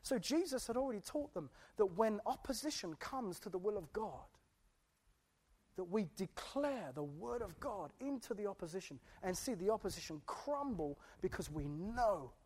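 A woman's voice: medium pitch, lively intonation, moderate pace, a little mellow, breathy edge. A woman preaching a sermon, impassioned and emphatic, often stumbling into repeated restarts.

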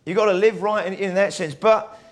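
A man preaches a sermon like he's telling stories in conversation, acting out the people in them. His voice is high-pitched, fairly quick, with fairly even intonation.

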